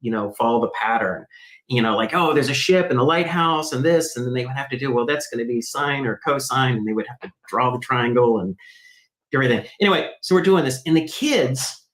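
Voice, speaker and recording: A man as an interview guest, telling a story in a lively conversational way and acting out quoted voices. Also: mid-range voice, brisk, roomy sound, poor audio. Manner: animated, acts out quoted voices. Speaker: guest, math program founder.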